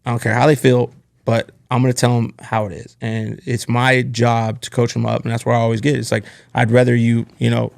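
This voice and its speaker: Male podcast host, mid-range voice with gravelly texture, candid and earnest storytelling. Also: medium pitch, completely flat delivery, brisk. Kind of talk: casual podcast conversation.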